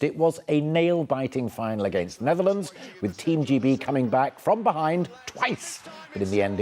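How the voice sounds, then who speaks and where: A man's voice: mid-range voice, darkish tone. A man anchoring a live TV news programme, upbeat and playful in a studio interview.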